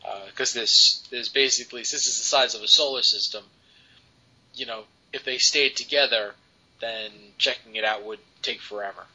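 A man's voice: medium pitch, fairly even intonation, normal speed, sharp tone, slightly rough. A man co-hosting a podcast, reviewing comics in casual chat with many ums and restarts. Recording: dull lo-fi podcast audio.

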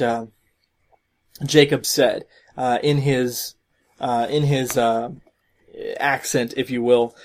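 A man hosting a solo podcast, commenting in a rambling way with many fillers and restarts. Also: mid-range voice. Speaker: podcast host.

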